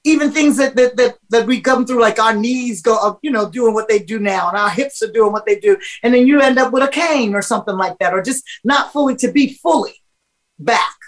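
A middle-aged woman, a singer and guest, telling stories in a casual interview, animated and laughing often. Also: fairly high pitch, brisk, low-quality recording.

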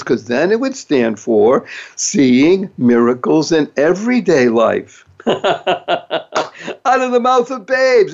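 A man's voice: a little high, dull audio. A man hosting a motivational talk show, speaking in an upbeat, emphatic way and playing with words. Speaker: host.

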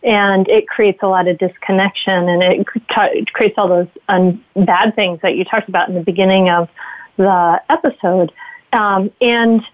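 A woman's voice: mid-range voice, normal speed, no room sound. Laughing woman on a tinny call line. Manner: lively, laughs often, acts out quoted feelings. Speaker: guest, mindful parenting author. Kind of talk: casual interview talk. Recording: dry, tinny phone-like line.

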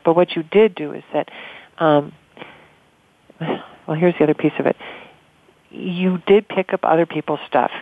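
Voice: medium pitch, no room sound. Soothing spiritual guide on a tinny line. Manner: slow, soothing, speaks as a collective "we". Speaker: radio host and channeler. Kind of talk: guided spiritual counseling on a call-in show.

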